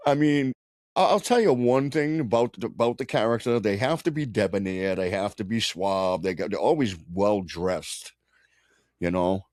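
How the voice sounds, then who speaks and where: A man co-hosting a podcast in loose, profane casual chat, often stopping and restarting his sentences. His voice sits on the low side, and the recording is close and dry. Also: darkish tone, no echo. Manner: rambling, profane, halting restarts. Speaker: podcast co-host.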